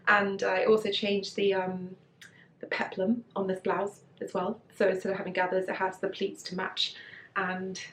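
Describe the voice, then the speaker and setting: A woman's voice: mid-range voice, completely flat delivery, normal speed, roomy sound, a little hiss or hum. A young British woman chatting casually about her handmade clothes at home, giggly, with lots of fillers and asides. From Britain. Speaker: sewing vlogger. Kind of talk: casual chat. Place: room at home.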